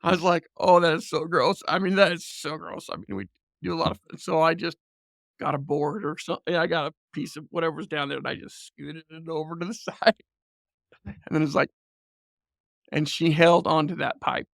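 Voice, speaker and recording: A man with a gravelly edge and a pitch a little above the usual male range tells a family story in a relaxed, chatty way. He laughs often and acts out what people said, and the sound is dry and close. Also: a little fast, no room sound. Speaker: podcast guest. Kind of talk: casual storytelling.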